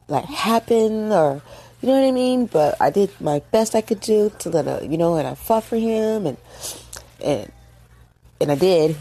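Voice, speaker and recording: Tearful low-voiced woman host. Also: dark tone. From United States. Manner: emotional, halting, many fillers and restarts. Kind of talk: casual monologue on current events.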